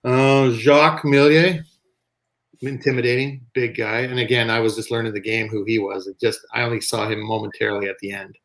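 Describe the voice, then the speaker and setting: A man, a softball pitcher, telling stories in a casual interview, acting out other people's voices. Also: fairly quick. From Canada. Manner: animated, acts out quoted voices.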